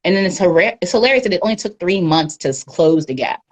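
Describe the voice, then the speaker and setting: A woman speaking as a guest in a casual livestream interview, candid and animated, often laughing, on a phone or webcam mic. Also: on the low side, fast. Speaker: guest media professional.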